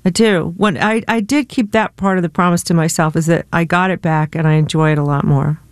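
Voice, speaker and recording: A woman in her fifties from the United States speaks as an interview guest, thoughtful and open, with frequent laughs. Her voice is smooth and clear, and the recording is close and dry with no room sound. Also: lowish voice, fairly even intonation, fairly quick, no echo. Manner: reflective and candid, laughs often. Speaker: singer-songwriter guest. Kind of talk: relaxed radio interview conversation.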